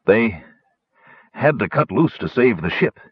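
A man's voice: fairly low pitch, very animated, measured pace, breathy edge, no echo, highs cut off, exaggerated voice. A man reading an earnest young knight, Sturm.

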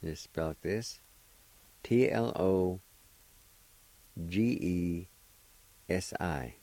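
Slow, deep-voiced older man teaching words. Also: warm tone. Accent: Cherokee-speaking Oklahoma. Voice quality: patient, repeats each word and syllable. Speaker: language teacher on a radio show. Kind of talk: slow spelled-out language lesson.

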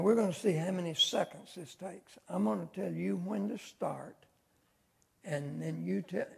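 An older man teaching Sunday school with a heavily gravelly, husky voice. He sits fairly high for a man and talks in a folksy, chatty way, full of homespun asides. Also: darkish tone. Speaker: Bible teacher.

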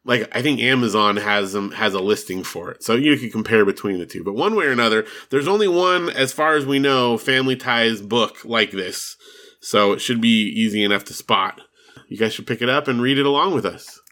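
Man, podcast co-host, bright tone, easygoing chatty talk, laughs often. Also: medium pitch, brisk. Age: adult with children. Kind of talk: casual chat.

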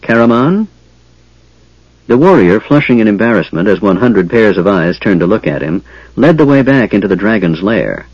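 Brief: low male narrator, lively intonation, dry muffled lo-fi recording. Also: brisk, dry recording. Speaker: audiobook narrator. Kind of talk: scripted narration.

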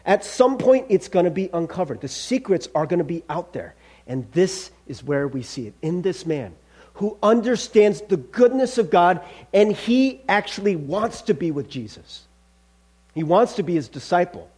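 Animated, husky-voiced male pastor. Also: high voice, moderate pace. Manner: animated, conversational, addresses listeners as friends. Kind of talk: sermon.

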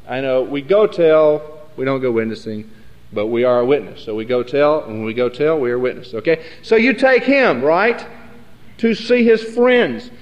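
A man's voice: a little high, moderate pace. A man teaching a sermon in a rambling, emphatic way that corrects itself mid-sentence. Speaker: Bible teacher. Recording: echoey hall, dull lo-fi sound.

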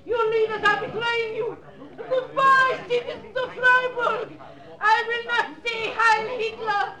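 A woman's voice: very high voice, little pitch movement, unhurried, bright, forceful tone, a faint crowd, a little hiss or hum, heavily acted, poor audio. A defiant condemned woman proclaiming. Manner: proclaiming with fervor. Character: defiant woman facing the gallows. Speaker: condemned secret broadcaster. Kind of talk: 1940s radio acting.

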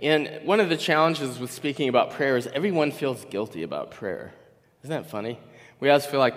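A man's voice: fairly high pitch, expressive, brisk. A man in his sixties giving a conversational sermon as a guest pastor, telling stories with frequent restarts. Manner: conversational, rambling storytelling with restarts. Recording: long hall reverb.

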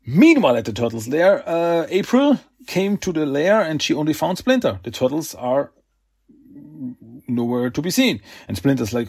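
A podcast host recaps a comic book in a casual, rambling way, full of uhs and restarts. His voice is a little high and darkish, slightly rough, with big pitch swings at a moderate pace.

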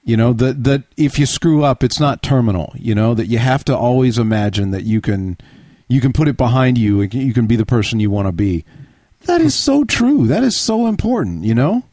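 A man's voice: mid-range voice, sing-song, brisk, darkish tone, no room sound, studio quality. A man co-hosting a podcast in casual chat, reflective and enthusiastic. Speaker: podcast co-host.

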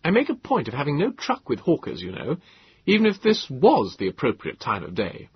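Guy playing a stuffy snappy young victorian gent, high sharp voice, kinda dull recording. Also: wildly swooping pitch, fairly quick, breathy edge, no echo, full character voice. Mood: snappish. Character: pompous, irritable young Victorian man, woken at night. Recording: dull lo-fi, dry.

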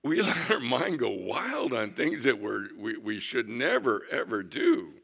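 A man in his sixties preaching a folksy sermon, swinging from loud bursts to hushed tones. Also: medium pitch, big pitch swings, measured pace, vocal fry, hardly any pauses, breathy edge. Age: 60s. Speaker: pastor.

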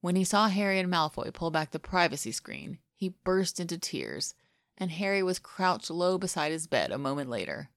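Gravelly-voiced woman reading fan fiction. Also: on the low side, big pitch swings, normal speed, dry recording, clean studio sound. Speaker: podfic reader. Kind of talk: fan fiction audiobook narration.

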